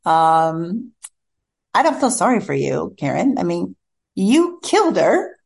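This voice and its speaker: A man's voice: high-pitched, big pitch swings, slow, creaky, exaggerated voice. A woman quoting her husband as a wry, exasperated man who teases her. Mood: teasing. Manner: wry, eye-rolling teasing.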